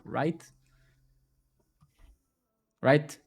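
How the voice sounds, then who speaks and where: Brief: male live-coding streamer, casual and profane, sarcastic running commentary at a mid-range pitch. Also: lively intonation, moderate pace, darkish tone. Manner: rambling, sarcastic, profane, self-mocking.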